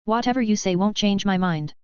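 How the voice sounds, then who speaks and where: A woman's voice: mid-range voice, a little fast, clean tone, no room sound, close to an everyday voice. A woman reading the lines of a brash, wisecracking male cultivator in an audiobook, blunt and bossy in her delivery. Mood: firm. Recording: dry, slightly dull lo-fi recording.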